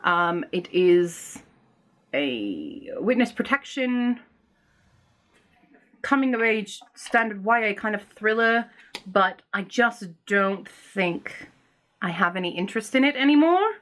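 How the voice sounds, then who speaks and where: A woman book vlogger talking casually at home, chatty and excitable, thinking aloud and laughing often. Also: medium pitch, slow. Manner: swears casually when frustrated. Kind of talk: casual vlog chat. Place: home room with bookshelves.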